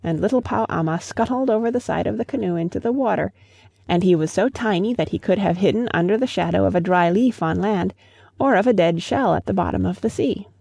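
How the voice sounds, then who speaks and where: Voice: medium pitch, brisk, vocal fry, a little mellow, breathy edge, no room sound, studio quality. A storyteller reading a fable aloud in a storybook manner, speaking fondly to the listener. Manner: addresses the listener as "best beloved". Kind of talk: storybook narration.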